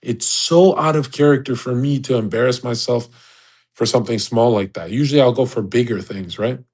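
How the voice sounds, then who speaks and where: Husky, crude ranting man. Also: medium pitch, brisk, a little mellow, rough recording. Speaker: host of an audio chat room. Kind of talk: casual profane rant.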